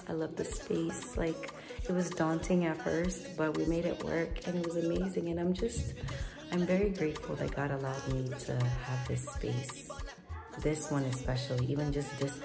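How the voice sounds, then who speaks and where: A woman's voice: low voice, vocal fry. A young woman chatting casually and emotionally to her phone camera for a vlog. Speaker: vlogger.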